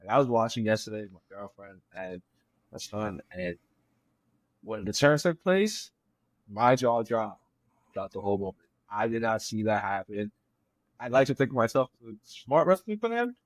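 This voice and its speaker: A man joining a podcast as a guest, talking in a measured, enthusiastic way with many fillers. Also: fairly low pitch, expressive, no echo. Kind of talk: casual chat.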